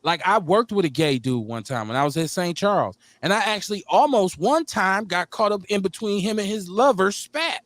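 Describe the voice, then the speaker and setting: Animated man telling stories on talk radio. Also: sits high, moderate pace, few pauses, dry recording. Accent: Milwaukee. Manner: storytelling, animated, acts out the people in his stories. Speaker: radio show host. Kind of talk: casual chat.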